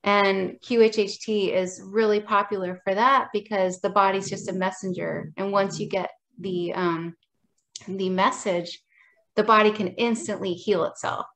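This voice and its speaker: A woman guest calmly explaining her healing practice in a casual interview. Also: medium pitch, a little slow, rough recording.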